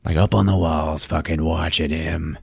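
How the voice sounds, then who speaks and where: A man hosting a podcast, recapping a film in a casual, profane, animated storytelling manner. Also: rumbling low, normal speed, vocal fry, breathy edge, no room sound, clean studio sound. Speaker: podcast host.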